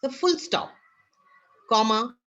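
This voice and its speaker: A woman teaching an online class with an Indian English accent, talking haltingly with many fillers. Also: a little high, animated, a bit bright. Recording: dull lo-fi online class audio.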